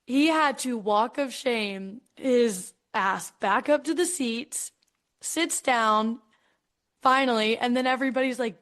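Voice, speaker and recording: A young woman with a lilt, hosting a relaxed podcast conversation. Her voice sits a little high, and she tells stories in a chatty, animated way, full of filler words. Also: slow pace. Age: young adult. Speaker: podcast host. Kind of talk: casual conversational interview.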